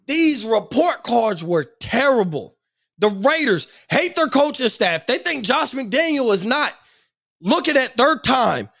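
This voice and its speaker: Angry high-pitched man ranting about sports. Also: vocal fry, a bit bright. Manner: angry, profane, emphatic ranting. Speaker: sports commentator. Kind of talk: profane sports rant.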